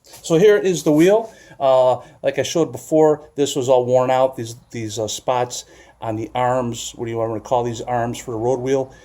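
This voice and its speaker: This is a man chatting casually on his own vlog. He rambles and hesitates, leaning on fillers as he thinks aloud. His pitch is ordinary for a man. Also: moderate pace, warm tone. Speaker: vlog host, vehicle restorer. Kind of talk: casual chat.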